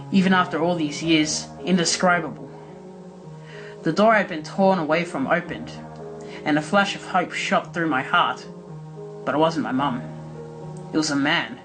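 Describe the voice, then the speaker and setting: A man reads a first-person horror story aloud, measured and dramatic. Steady background music plays under his voice. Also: fairly high pitch, low-quality recording. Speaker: narrator.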